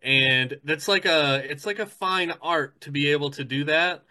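A man co-hosting a casual podcast, telling stories in an animated way. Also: on the high side, normal speed. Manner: animated storytelling, breaks into mock voices. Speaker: podcast co-host.

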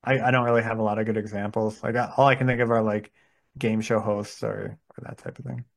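A man's voice: lowish voice, little pitch movement, fast, creaky. A man in casual podcast chat, talking hesitantly with lots of fillers and restarts. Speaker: podcast co-host.

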